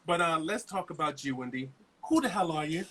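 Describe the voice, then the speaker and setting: A man in his fifties from New York, hosting a casual interview with jokes and animated stories. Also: on the high side, fairly quick, a crowd in the background. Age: 50s. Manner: joking, animated storyteller. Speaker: host.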